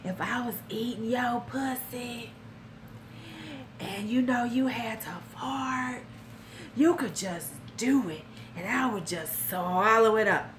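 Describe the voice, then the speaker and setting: A woman mimicking a creepy, cheap older man, speaking slow and hushed with a leering tone. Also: on the high side, slight background noise.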